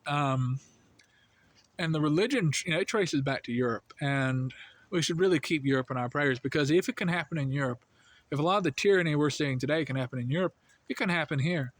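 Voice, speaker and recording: A man's voice: fairly high pitch, fairly quick. Earnest man thinking aloud. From United States. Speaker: video host. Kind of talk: unscripted monologue.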